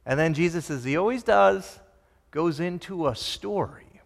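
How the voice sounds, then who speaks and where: A man's voice: on the high side, a little slow, vocal fry. A man preaching a sermon as pastor, telling a story with animation and rising to emphatic fervor. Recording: reverberant hall.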